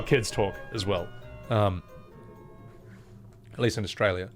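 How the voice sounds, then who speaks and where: A man's voice: fairly low pitch, steady tone, unhurried, long pauses, faint music behind. A man streaming a game, rambling and self-deprecating in casual commentary. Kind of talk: casual gameplay commentary with voice acting.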